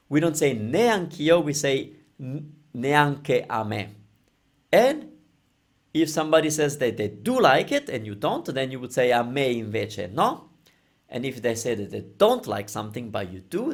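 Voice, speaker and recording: A man teaching a language lesson, explaining over slides, repeating phrases slowly and checking in with "okay?". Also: a little high, sing-song.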